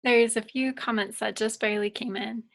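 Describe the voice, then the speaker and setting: A fairly high-pitched woman moderates a webinar over a computer microphone. She reads audience comments aloud in a slightly hesitant, apologetic way. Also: steady tone, normal speed, fairly bright tone. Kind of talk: reading audience questions aloud.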